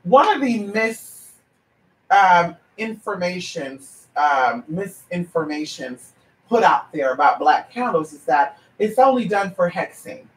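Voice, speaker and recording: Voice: medium pitch, very animated, slow. A psychic reader hosting a livestream, talking bluntly and swearing freely. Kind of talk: livestream chat. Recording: roomy sound from far off.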